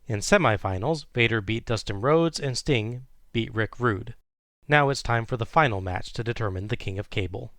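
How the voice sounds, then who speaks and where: Guy with a lowish voice doing a casual wrestling recap, dry close sound. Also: fairly bright tone, no room sound. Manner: play-by-play recap with chuckles. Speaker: podcast host recapping wrestling.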